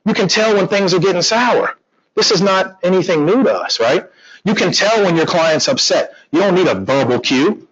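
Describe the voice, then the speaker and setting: A man teaching a real estate class, animated and joking, acting out conversations with clients. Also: high voice, moderate pace, slightly rough, lo-fi sound. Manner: animated, joking, acts out quotes. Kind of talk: classroom training talk.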